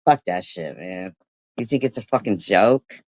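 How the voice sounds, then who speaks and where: Low, slow, profane woman ranting. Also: lively intonation. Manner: profane, scolding rant with frequent throat clearing. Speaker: streamer reacting to a clip. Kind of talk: angry reaction commentary.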